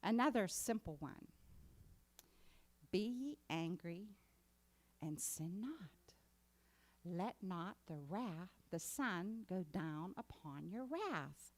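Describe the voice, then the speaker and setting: A woman's voice: on the low side, expressive, slow pace, long pauses. A woman preaching a sermon in a conversational way that builds to emphatic exhortation. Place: congregation meeting hall.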